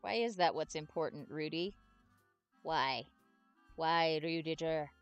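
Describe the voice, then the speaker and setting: A woman reading the lines of a spirited young heroine in a game, in a brisk, sharp manner. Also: low voice, clear, resonant tone, no echo, highs cut off, faint music behind, pitched below the performer's own voice.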